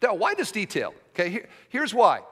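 Animated pastor preaching in a reverberant church. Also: male voice, high-pitched, normal speed, breathy edge. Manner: conversational teaching with frequent "okay?" checks. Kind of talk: sermon. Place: church sanctuary. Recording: long church hall reverb.

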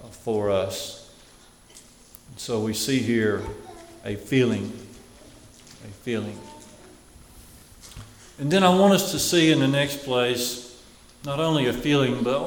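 A man preaching a sermon who repeats key phrases and lets them fall to a hush. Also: mid-range voice, echoey room, in a large hall, a little hiss or hum, poor audio.

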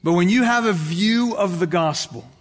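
A man with a notably high voice preaches to his congregation, slipping into little acted voices as he tells an everyday story. His words ring out with a long reverb, as in a large church hall. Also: normal speed. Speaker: pastor. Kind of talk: sermon.

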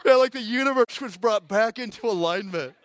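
High-voiced, animated male preacher. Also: fairly quick. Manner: animated comic storytelling. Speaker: pastor. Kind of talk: sermon.

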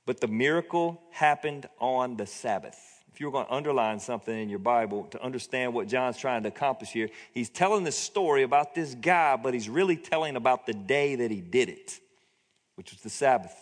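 A man's voice: medium pitch, fairly quick. A man preaching a sermon in a conversational, joking storytelling manner. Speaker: pastor. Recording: long hall reverb.

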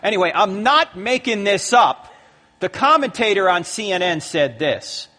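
Lively man in his fifties in a hall. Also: high voice, moderate pace, a little hiss or hum. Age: 50s. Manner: lively storyteller who acts out quoted voices. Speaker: Christian apologetics speaker. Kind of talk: talk to a live audience. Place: large hall with an audience. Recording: long hall reverb.

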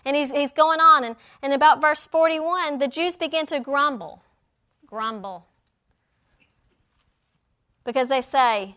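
A woman teaching a Bible lesson, acting out the quoted lines with lively storytelling. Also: high voice, unhurried, pauses often. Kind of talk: sermon.

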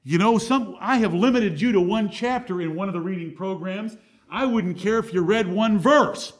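A male pastor preaching a sermon in church, reading scripture aloud slowly and with emphasis. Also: sits high.

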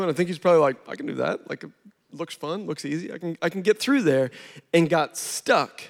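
Man, thirties, high voice, lively storytelling testimony, long hall reverb. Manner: animated storytelling with laughs and acted quotes. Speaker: speaker sharing a testimony. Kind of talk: personal testimony to a church group.

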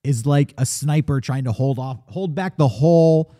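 A man with a mellow, dark-toned voice hosts a casual movie review chat. He rambles through the plot, laughing and swearing as he goes. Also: mid-range voice, normal speed. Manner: rambling, laughs and curses while retelling the plot. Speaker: podcast host.

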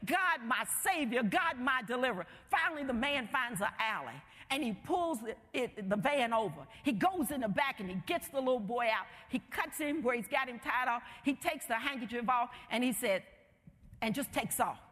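A woman's voice: fairly high pitch, expressive, normal speed, a bit bright. A woman preacher delivering a sermon in an emphatic, rhythmic way, heard in a hall with long reverb.

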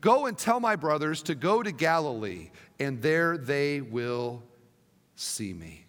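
High-voiced pastor preaching in a big hall. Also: male voice, a little slow. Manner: animated, dramatic storytelling with rhetorical questions. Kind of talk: sermon.

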